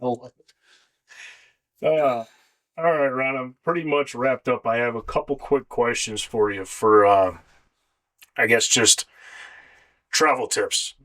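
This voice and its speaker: A man hosting a podcast interview, relaxed and a little hesitant. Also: medium pitch, slow, long pauses. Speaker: podcast host. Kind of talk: casual interview.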